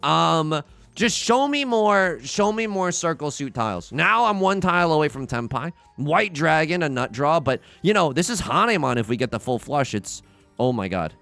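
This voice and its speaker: A young man narrates his gameplay to viewers, excitable and quick to trash-talk his opponents. His fairly high voice swings widely in pitch and drops into gravelly fry. Faint game music plays beneath him. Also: no echo. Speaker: let's play host. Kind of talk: casual gameplay commentary.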